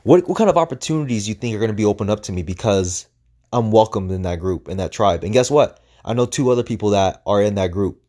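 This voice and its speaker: A man's voice: fairly low pitch, lively intonation, quick pace, mellow. Profane, emphatic male podcast host. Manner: profane, emphatic, rhetorical questions. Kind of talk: motivational monologue.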